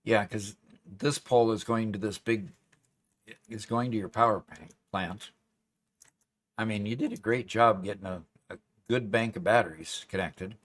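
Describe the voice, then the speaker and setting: A man with a fairly low voice chats while playing a video game with a friend. He thinks aloud, restarting his sentences as he works through problems in the game. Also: normal speed. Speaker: co-player. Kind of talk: casual gaming chat.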